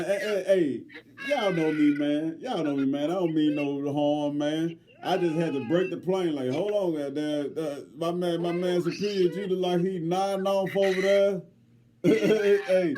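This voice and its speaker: A man's voice: high-pitched, warm tone, a little hiss or hum. A man in a casual group discussion, easygoing and joking while he makes sure everyone gets a turn. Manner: easygoing, joking, keeps the floor fair. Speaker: panel member.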